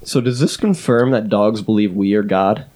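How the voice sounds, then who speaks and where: A man's voice: lowish voice, moderate pace, dark tone. A man co-hosting a casual podcast, swearing and bantering with laughs. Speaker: podcast co-host. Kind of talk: casual chat.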